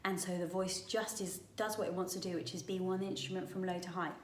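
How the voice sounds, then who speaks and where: A woman vocal coach, chatting through a singing warm-up lesson and demonstrating the exercises as she goes. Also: on the low side, steady tone, brisk, echoey room, slight background noise.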